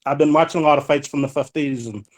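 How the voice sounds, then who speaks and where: A man from Ireland with a Donegal accent phones in to a boxing podcast, talking fast in a voice on the high side. He's easygoing and chatty on this casual call and keeps dropping "you know".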